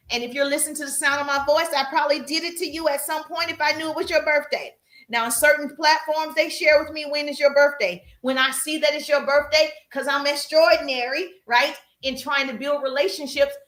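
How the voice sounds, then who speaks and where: A woman's voice: high-pitched, a bit bright, roomy sound. A woman coaching viewers on a live stream, talking emphatically, repeating herself and calling them "baby" and "pretty people". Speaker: social media coach hosting a live stream. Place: livestream while working out.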